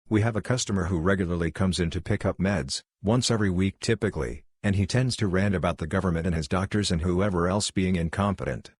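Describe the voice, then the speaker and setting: A man reading online posts aloud as narrator, in a steady, plain storytelling read. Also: deep voice, fast talker, few pauses, husky, no room sound, studio quality.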